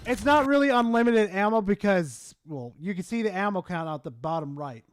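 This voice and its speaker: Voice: mid-range voice, expressive, fairly quick, slight background noise. A streamer reacting to a game video, exasperated and critical, swearing often. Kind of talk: profane reaction commentary.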